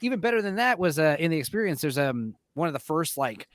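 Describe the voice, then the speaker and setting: Animated storytelling man, swearing freely. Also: on the high side, fast talker, no room sound. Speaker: podcast host. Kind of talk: casual chat.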